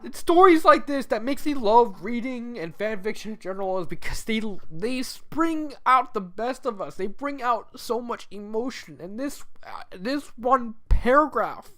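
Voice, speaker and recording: A man's voice: very high-pitched, expressive, moderate pace, few pauses, a bit bright. Tearful man giving a rambling, casual spoken review. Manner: rambling, emotional, many restarts and fillers. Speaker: fan fiction reviewer.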